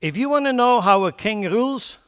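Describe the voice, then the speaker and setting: A man's high-pitched, expressive voice, clear and resonant, carries an emphatic sermon at a fairly quick pace. He shifts from loud declarations to quiet asides and speaks scornfully and bluntly about foolish ideas.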